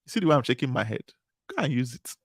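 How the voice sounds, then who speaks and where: A man's voice: mid-range voice, sing-song, fast talker, breathy edge, no room sound, studio quality. Emphatic man giving a motivational talk. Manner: repetitive, emphatic preaching cadence. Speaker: conference speaker.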